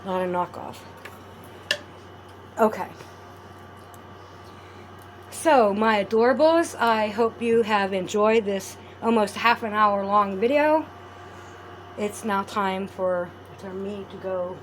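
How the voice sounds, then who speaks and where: With slight background noise, a woman of medium pitch crafts at home and talks casually to her viewers as a vlogger. She's chatty and rambling, warmly referring to them as "adorables."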